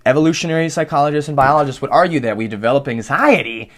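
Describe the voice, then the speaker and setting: A man's voice: on the high side, fast talker, fairly bright tone. A man hosting his own podcast, rambling through a casual, profane monologue. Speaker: podcast host.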